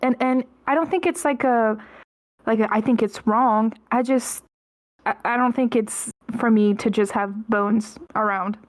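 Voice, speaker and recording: A woman's voice: fairly high pitch, unhurried. Giggly woman with a French accent. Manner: giggly, bashful. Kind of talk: casual podcast chat.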